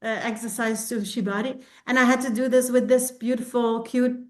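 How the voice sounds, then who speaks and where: A woman with a somewhat high voice tells a personal story to her coaching group over a video call. She is from Belgium and speaks in a candid, reflective way. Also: steady tone, brisk, a little mellow.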